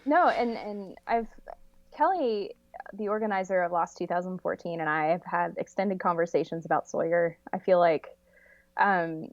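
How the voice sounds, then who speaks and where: A woman's voice: lowish voice, moderate pace, no echo. A woman guesting on a podcast, chatting animatedly with frequent laughs and hedging fillers. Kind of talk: casual chat. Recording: slightly dull lo-fi audio.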